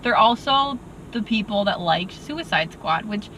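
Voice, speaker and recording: A woman with a bright, sharp tone talks through a movie review in animated, exasperated bursts. She speaks from inside a car, with a faint road hum underneath. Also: mid-range voice, low-quality recording. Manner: animated, exasperated, quick asides with "like". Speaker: podcast co-host. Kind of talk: casual movie review chat.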